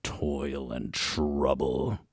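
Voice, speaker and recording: A man doing a slow, low spooky witch chant. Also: level tone, husky, no echo, exaggerated voice. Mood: ominous. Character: gravelly chanting male witch. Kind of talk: spooky recitation.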